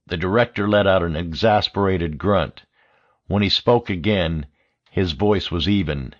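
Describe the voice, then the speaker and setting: A man narrating an audiobook in a steady, measured way. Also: sits low. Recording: dull lo-fi audio.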